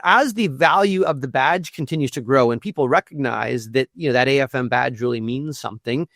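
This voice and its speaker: Earnest guy in an interview, kinda gravelly, repeats himself a lot, dry close sound. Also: on the high side, a bit bright, no room sound. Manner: earnest, repeats words while thinking. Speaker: guest, institute executive director. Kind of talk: conversational interview.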